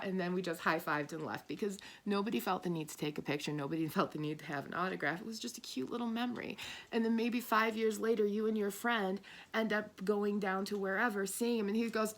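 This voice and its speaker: A woman giving a casual, animated spiritual talk as a tarot reader. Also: medium pitch, moderate pace. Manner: animated, chatty, laughs often.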